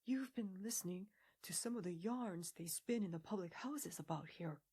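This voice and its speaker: A woman voicing a spoiled, boastful young male toad who talks airily and excitably. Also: lowish voice, moderate pace, breathy edge. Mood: excitable. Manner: airy, excitable, self-pitying.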